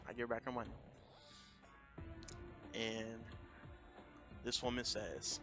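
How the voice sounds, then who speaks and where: A young American man streaming, casually retelling a story in a rambling, animated way and repeating himself. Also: medium pitch, brisk, vocal fry, pauses often. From United States. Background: music.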